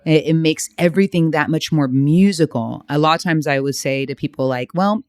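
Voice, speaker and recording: Woman guest with a smooth voice. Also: deep voice, no room sound, clean studio sound. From San Diego, United States. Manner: explains in measured phrases, laughs easily. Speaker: flamenco dancer, guest. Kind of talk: podcast interview.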